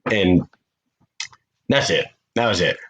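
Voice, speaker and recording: A man with a somewhat low voice tells a long story in a loose podcast chat. He swears freely and gets animated as he talks. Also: slow pace, a crowd in the background, rough recording. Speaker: podcast co-host. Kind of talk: casual chat.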